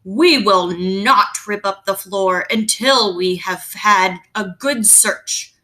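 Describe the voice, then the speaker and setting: A strict storybook father lays down firm orders in a measured, no-nonsense way, as a woman reading aloud voices him. The voice stays close to her own bright tone, just more clipped and insistent. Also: mid-range voice. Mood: stern. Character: stern, firm father, middle-aged man.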